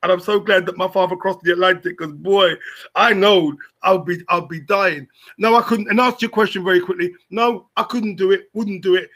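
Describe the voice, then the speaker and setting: A man, a comedian and broadcaster chatting as a podcast guest, joking and animated, with shouts when he tells a story. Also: sits high, normal speed. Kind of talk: casual podcast chat.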